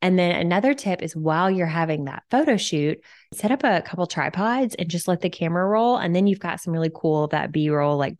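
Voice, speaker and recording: A woman's voice: low-pitched, a little mellow, no echo. A woman hosting her own podcast, giving tips in a chatty, enthusiastic way with lots of casual fillers. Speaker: podcast host.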